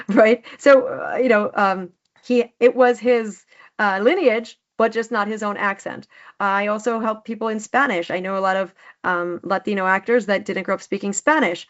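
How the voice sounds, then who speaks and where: A woman's voice: medium pitch, fairly even intonation, moderate pace, highs cut off. A woman speech coach talking enthusiastically in a casual interview, often restarting her sentences. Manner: enthusiastic, many restarts and fillers. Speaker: speech coach, podcast guest.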